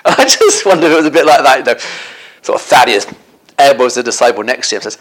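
A man preaches a Bible story in an animated sermon, frequently turning to his listeners with tag questions. His pitch is medium and he speaks at a normal speed.

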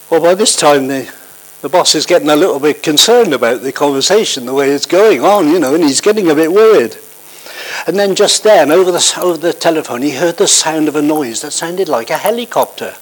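A man's voice: a little high, expressive, a little fast, breathy edge, poor audio. A middle-aged man preaching and telling a story in a conversational, hesitant way, full of fillers. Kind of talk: sermon with an anecdote.

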